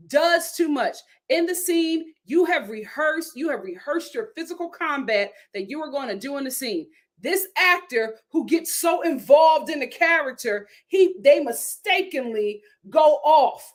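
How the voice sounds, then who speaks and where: Woman vlog host with a high voice, animated, sassy review commentary. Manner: animated, sassy, laughs often.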